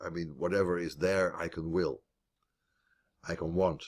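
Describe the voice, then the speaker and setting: Man, low voice, philosophy teacher, online lesson, video call, thinking aloud. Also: steady tone, normal speed. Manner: thinking aloud, with restarts and repeated words.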